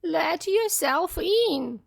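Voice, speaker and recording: A woman voicing a greedy male wolf in a storybook, huffy and sly, sometimes faking a soft squeaky voice. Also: expressive, extremely slow, gravelly, exaggerated voice.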